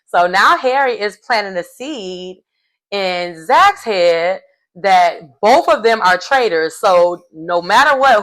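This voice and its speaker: A woman's voice: mid-range voice, a bit bright. A woman giving a casual, gossipy recap of a reality show, chatty and acting out quotes as she goes.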